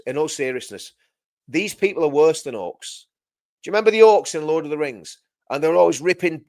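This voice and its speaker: A middle-aged man rants on his livestream in a sardonic, indignant tone, circling back to repeat his own lines. His voice sits on the high side. The sound is dry and close, with no room around it. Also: a little mellow, dry recording. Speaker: livestream host. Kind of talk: ranting livestream commentary.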